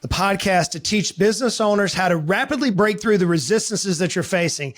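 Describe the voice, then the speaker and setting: A man's voice: high voice, expressive, brisk, hardly any pauses, a bit bright. A man hosting a podcast interview, folksy and addressing listeners as friends. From South Georgia, US. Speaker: podcast host.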